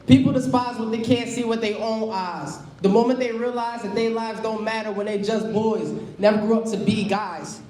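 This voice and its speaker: A man's voice: high voice, fairly even intonation, moderate pace, few pauses, darkish tone, a little hiss or hum. A young man performing spoken word poetry on a stage mic, with a rhythmic, rhyming delivery that is intense and raw. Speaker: performing poet. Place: live poetry venue stage. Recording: echoey live venue.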